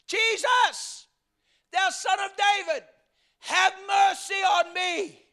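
A preacher voicing a desperate blind male beggar who cries out for mercy in shouted, pleading calls. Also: extremely high pitch, slow pace, pitched above the performer's own voice, heavily acted.

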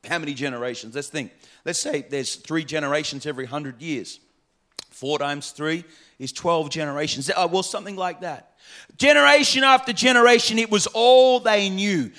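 This is a male pastor giving a sermon inside a church. His preaching is emphatic and repetitive, rising from soft, low passages into loud, half-sung peaks.

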